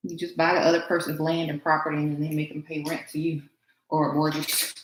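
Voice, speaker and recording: Woman beauty streamer, low-ish voice, chatty and laughing, roomy echo with faint hiss. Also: little pitch movement, fast. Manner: chatty, laughing, answers chat comments. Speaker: beauty vlogger livestreaming to chat. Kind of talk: casual chat while getting ready.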